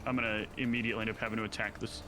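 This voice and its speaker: A man playing a tabletop game, working out his party's moves out loud in halting bursts. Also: lowish voice, level tone, over music. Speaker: player.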